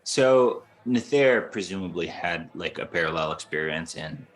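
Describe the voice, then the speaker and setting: Very deep-voiced man chatting about books. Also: lively intonation, moderate pace. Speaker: book podcast co-host. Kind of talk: casual book discussion.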